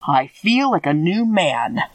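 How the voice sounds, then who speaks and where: A woman voicing a gentle, naive male scarecrow made of straw, with a husky, polite and earnest way of speaking. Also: lowish voice, very animated, slow, no echo, distant mic, heavily acted, rough recording. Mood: friendly.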